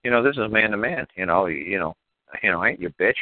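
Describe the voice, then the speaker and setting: New guy, real low voice, talks fast and blunt, swears a lot, dry phone-line sound. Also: expressive, no echo. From New York. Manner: blunt and profane, full of "you know". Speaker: podcast guest. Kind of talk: casual storytelling.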